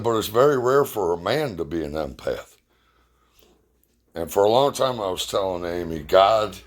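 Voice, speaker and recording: Man, middle-aged, very low voice, blunt, emotional personal storytelling, swears a lot.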